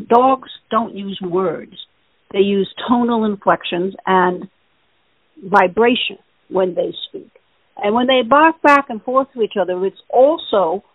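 A woman's voice: mid-range voice, slightly rough, dry recording. A woman hosting a spiritual question-and-answer show by phone, explaining answers at length in an earnest, rambling way. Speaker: host answering listener questions. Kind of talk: casual spiritual Q&A over the phone. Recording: tinny phone line, dry.

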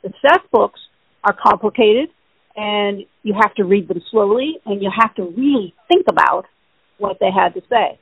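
Taking listener questions on a casual spiritual call-in show, a woman host gives long, earnest, rambling explanations. She has a medium-pitched voice with a breathy edge and speaks at normal speed. The phone line is tinny and dry, with no room sound.

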